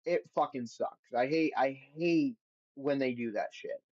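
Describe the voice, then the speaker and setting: A man's voice: medium pitch, unhurried, a little mellow, no echo, lo-fi sound. A man hosting a podcast on his own, reading results aloud and then giving blunt, profane opinions in a casual recap. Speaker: podcast host.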